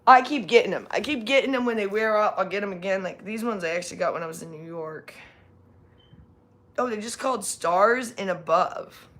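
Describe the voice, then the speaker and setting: A woman's voice: mid-range voice, fast talker, few pauses, a bit bright. A woman from California chatting casually on a live stream, rambling with many fillers and restarts. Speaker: livestream host.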